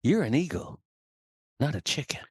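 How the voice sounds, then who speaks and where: Stern deep eagle voice, commanding mentor, lively up and down put on by a man telling a story, dry close sound. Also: moderate pace, slightly rough, dry recording. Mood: rousing.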